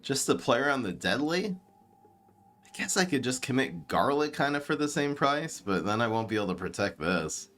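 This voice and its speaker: Bright-voiced streamer with an East Coast lilt. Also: male voice, medium pitch, moderate pace. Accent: New York-tinged East Coast. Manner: thinks aloud, excitable, laughs often. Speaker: streamer playing a card game. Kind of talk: live game commentary.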